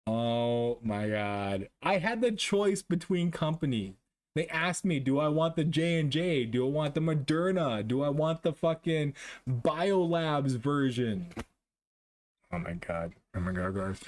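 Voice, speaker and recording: A man's voice: animated, measured pace, no room sound. Exasperated, cursing male streamer. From Canada. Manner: exasperated, profane, swings between loud outbursts and low muttering. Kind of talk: casual livestream chat.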